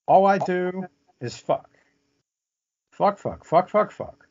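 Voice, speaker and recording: A man's voice: high voice, animated, slow pace, a little mellow, full character voice. Give me a man doing a dazed young woman lost in her thoughts, talking as if to an audience, on dull lo-fi audio. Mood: lost, searching. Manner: wondering aloud, as if to an audience. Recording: muffled lo-fi audio.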